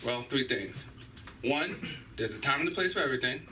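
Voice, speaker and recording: A middle-aged man doing a stand-up set in a small comedy club, animated and profane as he acts out loud voices. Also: mid-range voice, fairly quick, recorded from a distance, slight background noise, low-quality recording. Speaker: stand-up comedian at an open mic.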